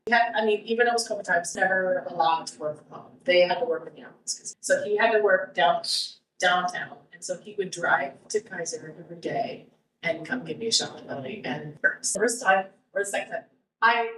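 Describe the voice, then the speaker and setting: A woman with a mid-range, fairly bright voice speaks fairly quickly as a guest in a casual interview, telling her own story as a cancer survivor. She rambles with many restarts and fillers, captured by a roomy, distant mic.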